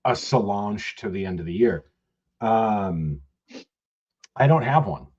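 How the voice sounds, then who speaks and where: A man with a fairly low, husky voice tells loose, profanity-laced stories as a podcast co-host. The audio is dull and lo-fi. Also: lively intonation, slow, darkish tone. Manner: rambling, profane storytelling with laughs. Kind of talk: casual podcast chat.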